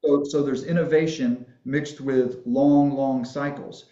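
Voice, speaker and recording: A man's voice: medium pitch, fairly even intonation, unhurried, dark tone, roomy sound, dull audio. A man guest on a podcast, telling folksy, rambling stories in casual conversation and laughing at his own jokes. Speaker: podcast guest, family history filmmaker.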